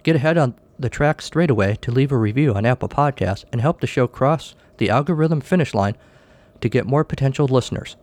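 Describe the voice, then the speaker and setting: Man, podcast host, story reading, dry offhand asides, mid pitch. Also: lively intonation, a little fast, darkish tone. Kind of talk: story reading and show outro.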